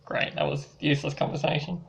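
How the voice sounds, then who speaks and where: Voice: mid-range voice, very animated, quick pace, gravelly, dull audio. A let's play host casually chatting and joking while playing a game. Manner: chatty, rambling, self-mocking. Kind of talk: casual gameplay commentary.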